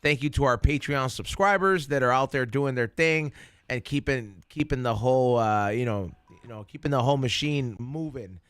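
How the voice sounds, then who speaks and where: A man's voice: mid-range voice, moderate pace, a bit bright, clean tone, no echo. A man hosting a podcast, talking casually and plugging the show's membership in a loose, rambling way. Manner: laid-back, rambling. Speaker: podcast host. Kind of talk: casual chat and sponsor plugs. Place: podcast studio.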